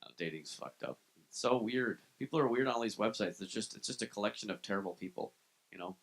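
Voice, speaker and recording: A man's voice: lowish voice, fast talker, vocal fry. A man performing stand-up comedy in a club, joking about himself in a loose, profane, conversational way. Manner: self-deprecating, profane, conversational. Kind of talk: live stand-up set.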